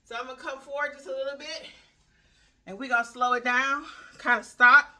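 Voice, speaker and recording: Upbeat woman counting reps, bright voice. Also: high voice, steady tone, brisk, far from the mic. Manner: upbeat, counts reps out loud, chatty and encouraging. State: winded from exercise. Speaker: fitness vlogger leading a home workout. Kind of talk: guided workout instruction. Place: small room at home.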